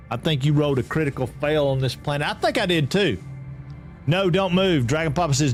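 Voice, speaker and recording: A man's voice: a little high, a little fast, faint music behind. A man from Georgia, chatting casually with viewers while streaming a game and often repeating himself. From Atlanta, Georgia.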